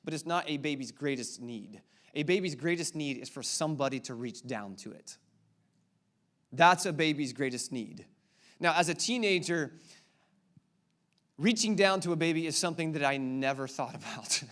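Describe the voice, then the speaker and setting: A man's voice: fairly high pitch, lively intonation, normal speed, fairly bright tone. Playful pastor man preaching a sermon. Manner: playful, quizzes the audience with repeated questions. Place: church auditorium before a congregation.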